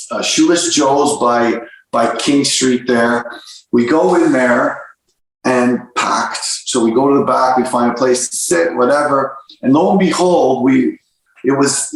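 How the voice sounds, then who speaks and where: A man's voice: mid-range voice, slight background noise. A man, a soccer coach, telling stories in a casual interview, full of restarts and repeated words. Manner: animated storyteller, many restarts and repeated words. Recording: very echoey room.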